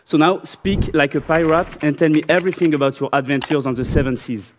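A man's voice: a little high, brisk, long reverb tail, slight background noise. A man casually chatting with an AI, hesitant and full of fillers. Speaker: demo presenter. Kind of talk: casual chat with an AI.

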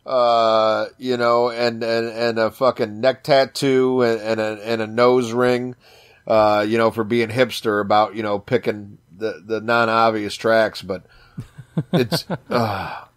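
A man with a Chicago accent talks over music on a casual podcast. His voice sits at a middling pitch, and he swears freely and repeats words as his excitement runs ahead of him. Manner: profane, enthusiastic, repeats words. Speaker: podcast co-host. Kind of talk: casual chat.

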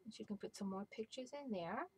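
A middle-aged woman casually showing a handmade craft album, talking in a gentle, hesitant way with many ums and restarts. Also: mid-range voice, a little fast, a little hiss or hum, rough recording. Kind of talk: casual show-and-tell.

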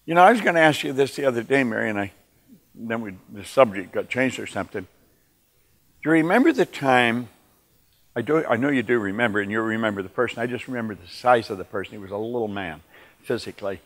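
A man giving a motivational talk, telling personal stories and moving from quiet moments to emphatic ones. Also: medium pitch, a little fast. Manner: animated, swings from quiet to emphatic. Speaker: motivational speaker. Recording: long reverb in a large hall.

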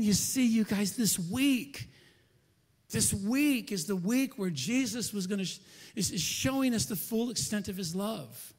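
A pastor preaching a sermon with passion, building rhythmic lists and dropping to near-whispers for emphasis. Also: male voice, sits high, lively intonation, measured pace. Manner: repeats phrases in rhythmic lists. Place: church auditorium. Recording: long reverb of a large hall.

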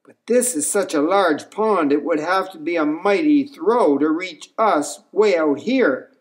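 A man's voice: fairly high pitch, a little slow, natural voice. A man voicing a skeptical male frog who mocks and argues. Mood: arguing. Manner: mocking and incredulous.

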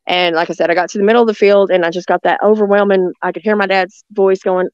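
A woman's voice: mid-range voice, fairly even intonation, quick pace, hardly any pauses, darkish tone, no room sound. A woman tells a rambling story in a chatty voice, filling it with likes and ums. The audio sounds dull and dry. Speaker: guest. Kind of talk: casual storytelling.

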